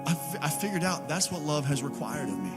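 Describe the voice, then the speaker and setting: A man's voice: fairly high pitch, big pitch swings, fast. A man in his thirties with a Southern US accent, preaching a casual, conversational sermon full of "like" and "man.". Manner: conversational, with many filler likes and mans. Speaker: pastor. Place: church auditorium. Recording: live church broadcast with music behind. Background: music.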